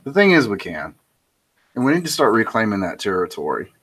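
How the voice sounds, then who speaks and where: Low-voiced man rambling through a joke. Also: very animated, brisk, fairly bright tone, husky. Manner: rambling, with restarts and self-commentary. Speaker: host. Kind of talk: casual monologue telling a joke.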